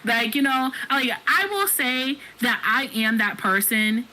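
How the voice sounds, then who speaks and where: A woman's voice: a little high, expressive, a little slow, bright, forceful tone, poor audio. A woman co-hosting a podcast, talking frankly and casually with lots of "like, you know" and reading out listener comments. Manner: frank, chatty, many fillers like "like, you know". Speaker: podcast co-host.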